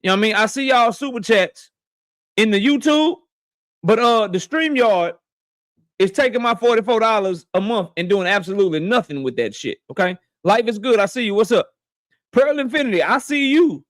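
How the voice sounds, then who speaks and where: A high-pitched man talks casually into a dry, close mic from his office. He hosts a live stream, cursing freely and greeting viewers one after another. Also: animated, moderate pace, no echo. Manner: loose, profane, shouting out viewers by name. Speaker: boxing live-stream host. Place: home office.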